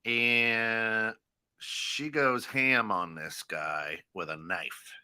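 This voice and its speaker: An American man co-hosting a casual internet radio talk show, talking in halting bursts with many fillers and restarts, often laughing. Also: fairly low pitch, sharp tone, clean tone, no room sound, studio quality. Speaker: co-host.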